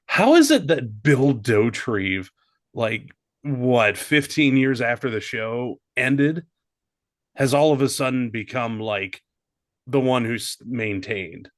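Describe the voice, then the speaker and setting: A man hosting a podcast in relaxed, casual chat, laughing often. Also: medium pitch, slow pace, no room sound, clean studio sound. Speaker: podcast host.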